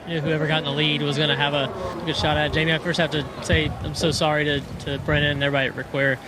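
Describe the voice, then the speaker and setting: A man, a race driver, giving a halting post-race interview full of fillers and restarts outdoors at a racetrack. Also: a little high, little pitch movement. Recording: noisy outdoor track recording. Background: vehicle and track noise.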